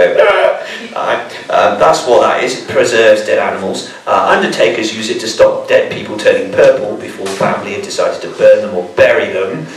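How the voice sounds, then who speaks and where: A man presenting a live bug show to an audience, joking and playful like a showman. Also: medium pitch. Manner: jokey, playful showman banter. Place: school hall with audience. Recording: echoey hall, mic far off.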